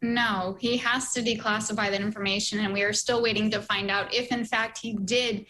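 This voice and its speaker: A woman speaking as a political commentator guest, quick, confident and fluent. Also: medium pitch, flat delivery, pushed and bright, low-quality recording. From United States. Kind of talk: remote TV interview.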